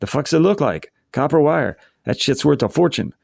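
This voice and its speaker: A man's voice: on the high side, normal speed, gravelly, no room sound, studio quality, pitched above the performer's own voice, heavily acted. A man reading a novel aloud, voicing a blunt, indifferent petty criminal in his fifties. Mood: dismissive. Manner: flat, dismissive.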